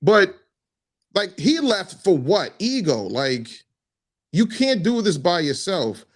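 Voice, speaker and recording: Opinionated man, slightly high voice. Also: slow. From Boston area. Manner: opinionated, excitable, heavy use of "like". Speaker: podcast co-host. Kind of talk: casual sports chat.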